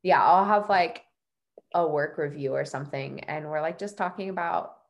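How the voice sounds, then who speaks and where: A woman's voice: low-pitched, moderate pace, vocal fry, highs cut off. A woman hosting a podcast in a casual, chatty way, full of fillers and self-deprecating laughs. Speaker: podcast host.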